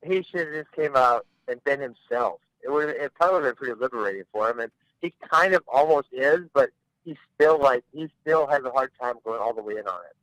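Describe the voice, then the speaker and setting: A man's voice: medium pitch, a little fast, a bit bright, dry recording, rough recording. A man talking bluntly as a podcast guest, rambling and restarting his sentences in casual chat. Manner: blunt, rambling, repeats words when starting.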